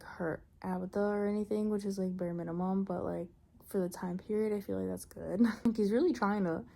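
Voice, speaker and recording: A young woman vlogger casually recapping a novel in a chatty, exasperated, animated way. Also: mid-range voice, slight background noise. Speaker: book vlogger.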